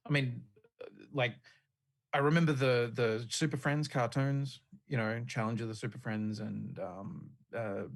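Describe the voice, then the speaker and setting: A man's voice: mid-range voice, unhurried, creaky. A man hosting a casual pop-culture podcast, rambling with frequent fillers and easy swearing. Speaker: podcast host. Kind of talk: casual chat.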